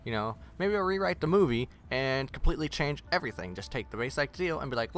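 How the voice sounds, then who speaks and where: A man's voice: medium pitch, lively intonation, quick pace, few pauses, fairly bright tone. A man rambling casually in a vlog, blunt and swearing freely. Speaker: vlogger.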